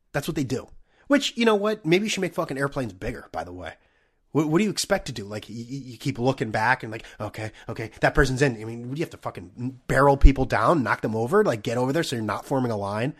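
Man on a profane comedic rant. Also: mid-range voice. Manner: profane, ranting, many restarts and stammers. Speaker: podcast host.

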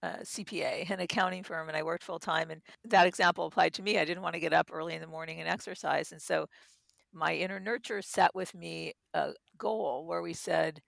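A middle-aged woman explaining with gentle personal examples in an interview. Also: fairly low pitch, fairly even intonation, brisk, creaky, dry recording, clean studio sound. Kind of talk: reflective interview talk.

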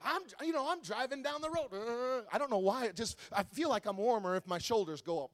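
A male pastor from Wisconsin, preaching a sermon that swings between quiet teaching and loud, shouted exhortation. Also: extremely high pitch, expressive, a little fast, few pauses.

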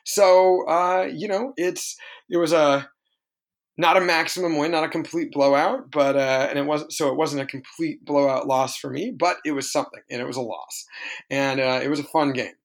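A man's voice: a little high, moderate pace, vocal fry. A man co-hosting a podcast, recounting a tabletop wargame in a rambling, self-correcting way. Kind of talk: casual podcast chat.

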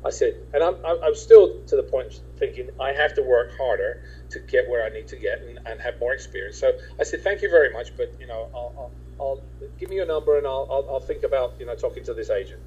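A man's voice: mid-range voice, a little fast, warm tone, slightly rough, highs cut off. A man from England, a guest in a casual interview, telling his story in a rambling way with many restarts and quoted dialogue.

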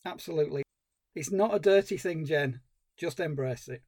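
A man's voice: a little high, normal speed, no echo, studio quality. A man co-hosting a film podcast, chatting casually and laughing easily. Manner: animated, laughs at his own lines. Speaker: podcast co-host.

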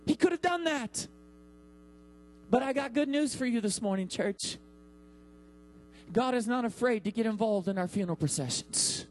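High-voiced preaching man with a hum. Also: lively intonation, poor audio. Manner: preaching with dramatic pauses and acted-out quotes. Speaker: pastor. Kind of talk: sermon. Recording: mains hum.

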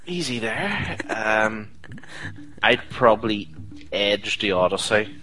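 Podcast co-host, man, bright voice, goofy banter, desk mic, faint music. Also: fairly low pitch, animated, slow, low-quality recording. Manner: jokey, playful outbursts. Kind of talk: casual chat. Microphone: desk microphone.

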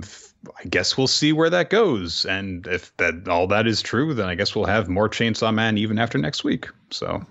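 A man's voice: lowish voice, highs cut off. A man co-hosting a podcast, recapping manga chapters in casual chat and acting out the characters' lines as he goes. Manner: animated retelling, acts out characters' lines. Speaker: podcast co-host.

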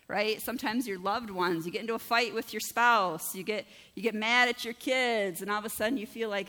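A woman pastor delivers a sermon in a chatty, conversational manner, often turning to her listeners with "right?" Her voice sits at an ordinary middle pitch for a woman. The sound has the long reverb of a church hall. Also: a little fast, hardly any pauses, sharp tone.

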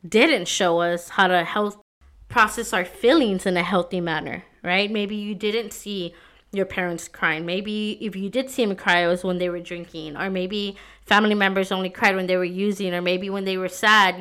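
A woman's voice: medium pitch, bright, forceful tone. A woman in her thirties hosting her own podcast, sharing personal reflections in a heartfelt, conversational way with many fillers. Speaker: podcast host.

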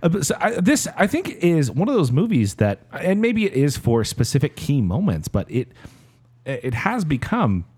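Animated man with halting delivery. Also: on the high side, breathy edge. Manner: halting, many restarts, enthusiastic. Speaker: podcast co-host. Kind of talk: casual chat about movies.

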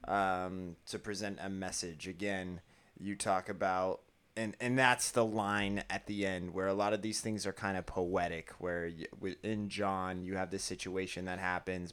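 Smooth-voiced man in animated chat. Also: low voice. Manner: rambling, animated, laughs often, restarts. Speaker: podcast co-host. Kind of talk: casual discussion.

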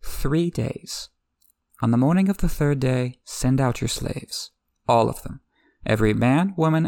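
A man reading the lines of a cool, proud young female queen in a calm, imperious way. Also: mid-range voice, vocal fry, no echo, close to an everyday voice.

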